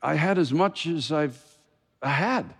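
A male pastor preaching a sermon with passion, swinging from loud exclamations to hushed pleading, in a church sanctuary. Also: a little high, lively intonation, takes it slowly, creaky, husky. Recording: long hall reverb.

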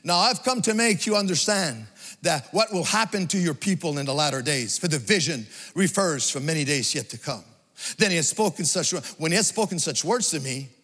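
High-voiced bright preacher in a reverberant hall. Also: male voice. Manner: emphatic, sing-song preaching with swings from loud to hushed. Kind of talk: sermon.

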